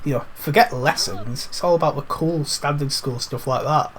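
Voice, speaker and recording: A man's voice: on the high side, normal speed, fairly bright tone. A young man giving casual, chatty commentary while playing a video game. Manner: chatty, swears freely, calls things 'mate'. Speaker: gaming commentator. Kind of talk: casual let's-play commentary.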